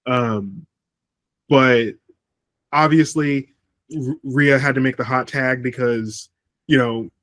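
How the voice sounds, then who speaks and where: A man on a podcast, co-hosting a laid-back wrestling review, speaks at medium pitch with a fairly bright tone. He goes slowly with long pauses, rambling and frequently restarting after ums; there's no echo.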